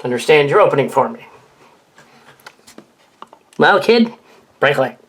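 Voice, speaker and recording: A man's voice: fairly high pitch, sing-song, a little slow. A man voicing a brash, famous female radio singer who talks down to a newcomer. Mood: breezy.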